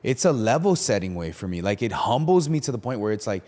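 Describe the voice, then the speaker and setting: A man's voice: fairly low pitch, very animated, fast talker, darkish tone. A young man, a pastor, talking casually on a podcast, full of fillers and acted-out quotes. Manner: conversational, many fillers, acts out quotes.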